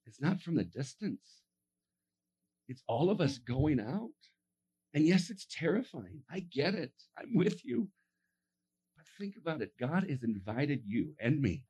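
A man preaching a sermon, telling stories and acting out the voices of the people in them, dropping to a hush and then rising to a shout. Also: medium pitch, breathy edge. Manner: acts out voices in his stories, swings from hushed to shouting. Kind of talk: animated sermon storytelling.

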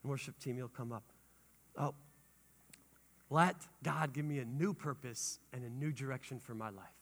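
A male pastor preaching a sermon with lively energy, rising to shouts and dropping to hushed tones. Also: mid-range voice, moderate pace. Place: church sanctuary. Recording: long hall reverb.

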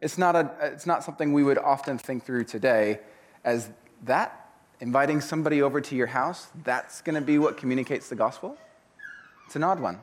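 A man preaching a sermon, retelling a parable in a casual, animated storytelling way. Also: medium pitch, brisk. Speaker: pastor.

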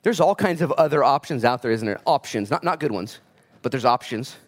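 A man preaching a casual, conversational sermon, animated and joking as he acts out the voices of people in his stories. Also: mid-range voice, a little fast. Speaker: pastor.

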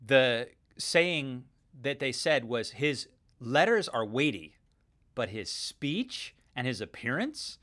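A man's voice: mid-range voice, fairly bright tone. Earnest conversational man teaching scripture. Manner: conversational, earnest, chuckles as he talks. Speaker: podcast Bible teacher. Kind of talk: casual Bible teaching.

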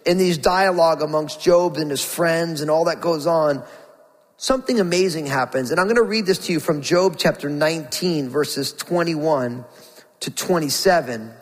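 A man preaching a sermon with passion, his voice climbing as he reads Scripture and dropping soft for questions to the congregation. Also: high voice, in a large hall, low-quality recording. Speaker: pastor.

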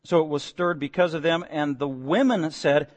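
A man's voice: fairly high pitch, normal speed. A man preaching a sermon, reading scripture and retelling it in casual everyday words with jokes. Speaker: pastor. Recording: long hall reverb.

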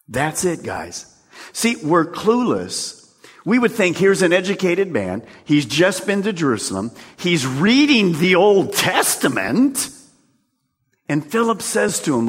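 Animated pastor preaching in a reverberant hall. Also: male voice, high-pitched, breathy edge. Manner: animated preaching, calls to the congregation. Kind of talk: sermon. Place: church sanctuary.

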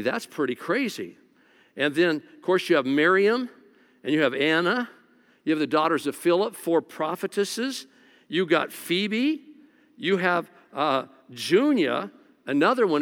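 A man who is a lead pastor preaching in a casual, joking way, often restarting his phrases, in a church. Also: a little high. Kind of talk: conversational sermon. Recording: long reverb of a large hall.

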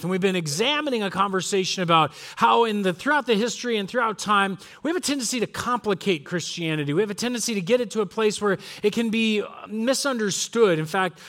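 A middle-aged male pastor from Southern California preaching a sermon, telling stories and acting out family members' voices. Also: high voice. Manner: storytelling, animated, acts out voices of family.

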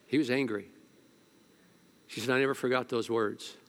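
A male pastor preaching a sermon at a church service, telling stories, sometimes hushed and sometimes loud. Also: mid-range voice, steady tone, moderate pace, pauses often.

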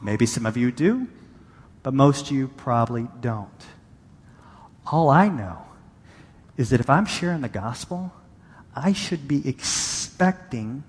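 A man's voice: mid-range voice, husky, big-room sound. A male pastor giving a conversational sermon, reading and paraphrasing scripture with emphasis.

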